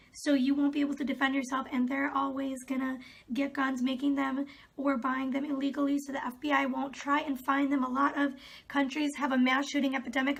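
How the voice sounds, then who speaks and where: A woman's voice: sits high, creaky. A young woman vlogging, reading out comments and answering them in a sarcastic, exasperated way. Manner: exasperated, sarcastic, laughs often. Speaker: video creator.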